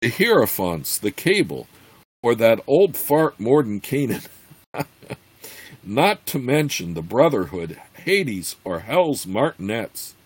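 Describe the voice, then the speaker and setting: A man voicing a scheming, proud human witch who speaks in a measured, formal way. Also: medium pitch, very animated, slightly rough, dry recording, pitched above the performer's own voice, heavily acted. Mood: grudging.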